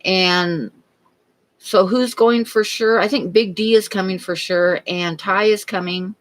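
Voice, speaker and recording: Brief: easygoing livestream host, rambling storyteller, mid-pitched voice. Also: steady tone, measured pace, a bit bright, rough recording. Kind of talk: casual chat and joke-telling.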